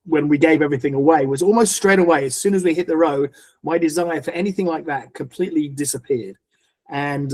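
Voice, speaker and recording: A middle-aged man with a somewhat raised pitch tells his personal story of faith as a podcast guest. He speaks earnestly and haltingly, often restarting his sentences as he searches for words. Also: darkish tone. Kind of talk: personal faith testimony in an interview.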